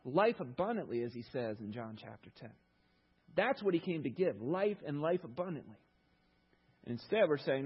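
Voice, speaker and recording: Brief: male pastor, husky voice, storytelling sermon, slightly dull recording. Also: a little high, moderate pace. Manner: storytelling, animated retelling with rhetorical questions.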